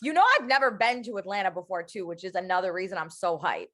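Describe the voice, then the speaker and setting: A woman's voice: fairly low pitch, fast. A young adult woman co-hosting a podcast in casual chat, telling stories animatedly. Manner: animated storyteller, slips into playful voices. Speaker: podcast co-host.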